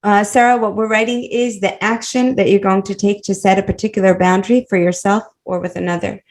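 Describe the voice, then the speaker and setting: Animated woman coaching on a video call. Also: mid-range voice, a little fast. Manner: warm, animated, laughs often, coaching tone. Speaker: women's life coach and teacher. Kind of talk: live online class.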